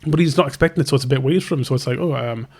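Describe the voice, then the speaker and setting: A man's voice: medium pitch, very fast, darkish tone. A young man who is a tattoo artist, casually telling a long story and acting out both sides of the conversation, with lots of restarts. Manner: rambling, self-interrupting, acts out both sides of conversations. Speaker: tattoo artist, podcast host.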